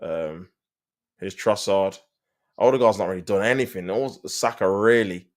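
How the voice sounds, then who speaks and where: Low-voiced man ranting over a match. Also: normal speed. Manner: slangy, talks to viewers, gets exasperated at play. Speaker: live stream host. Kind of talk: casual fan match commentary.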